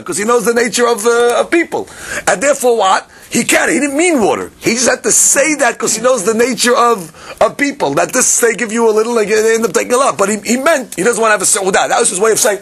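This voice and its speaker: Lively man teaching a Talmud class. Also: high voice, fast, slightly rough. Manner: acts out both sides of the argument, many restarts; mixes Hebrew and Aramaic terms into English.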